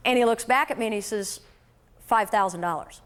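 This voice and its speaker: High-voiced woman telling a sales story. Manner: storytelling, lively and conversational. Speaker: sales trainer. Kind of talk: motivational sales talk.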